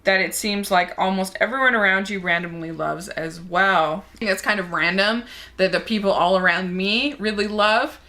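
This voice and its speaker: Bright-voiced chatty young woman. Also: mid-range voice, normal speed. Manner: chatty and enthusiastic. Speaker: movie reviewer. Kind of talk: casual chat answering a movie tag.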